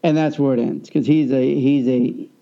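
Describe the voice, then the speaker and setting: A man telling a personal story in a casual conversation, animated and acting out the people he quotes. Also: medium pitch, normal speed, creaky. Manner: animated, acts out quoted voices. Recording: dull lo-fi sound.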